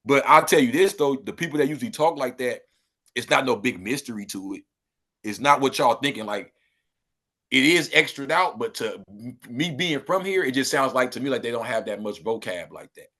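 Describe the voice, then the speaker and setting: La dude on a podcast, bright voice, loose street talk, gets loud and animated. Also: male voice, medium pitch, moderate pace. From Los Angeles. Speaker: podcast guest. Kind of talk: casual interview chat.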